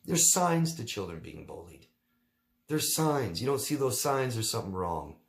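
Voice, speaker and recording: Low-voiced guy coaching viewers, blunt, keeps hammering the same words. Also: sing-song, normal speed, vocal fry. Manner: emphatic and blunt, repeats key words. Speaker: relationship coach answering viewer questions. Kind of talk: casual Q&A monologue.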